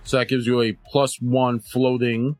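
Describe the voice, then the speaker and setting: A man's voice: mid-range voice, little pitch movement, measured pace, a little mellow, no echo, faint music behind. A man narrating as game master, describing scenes and explaining dice rolls patiently.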